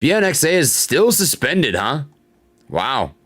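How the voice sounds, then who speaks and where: A man's voice: a little high, big pitch swings, unhurried, fairly bright tone. A young man hosting a live stock-trading stream, commenting casually on charts, reading chat aloud and venting frustration. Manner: frustrated, reads chat aloud, swears and laughs it off.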